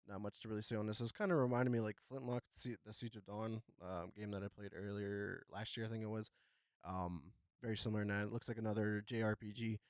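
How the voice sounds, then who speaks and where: A young man hosting a podcast, chatting casually about gaming news with a relaxed, rambling delivery full of fillers. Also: fairly low pitch, no room sound, studio quality. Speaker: podcast host.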